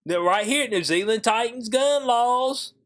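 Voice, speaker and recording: Animated slangy male commentator. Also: unhurried. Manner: animated, slangy, swings between high incredulous and low mutter. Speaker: YouTube commentator. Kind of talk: casual commentary vlog.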